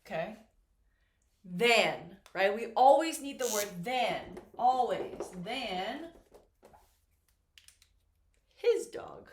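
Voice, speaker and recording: Woman teacher at a whiteboard, slightly high voice, echoey room, says everything twice. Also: lively intonation, a little hiss or hum. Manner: slow, patient, repeats key words. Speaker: English teacher. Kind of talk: classroom whiteboard lesson.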